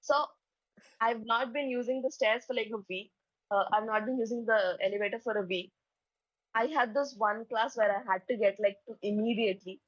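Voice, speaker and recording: A woman's voice: fairly high pitch, steady tone, moderate pace, dry recording, highs cut off. A young woman, telling a story in casual chat and filling her speech with "like" and "okay". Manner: chatty, peppers speech with "like" and "okay", acts out dialogue.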